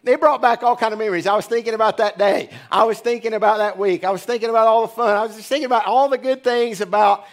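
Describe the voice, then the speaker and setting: A man's voice: high-pitched, steady tone, fast, few pauses. A pastor in his forties giving a casual, joking sermon in church. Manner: chatty, joking asides. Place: church sanctuary.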